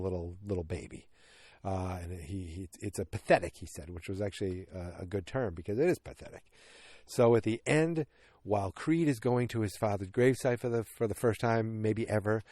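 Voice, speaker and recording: A man in his early forties recapping a movie in casual podcast chat, animated and rambling, with lots of restarts and sound effects. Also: lowish voice, no room sound, clean studio sound. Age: 40s. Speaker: podcast host. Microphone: podcast microphone.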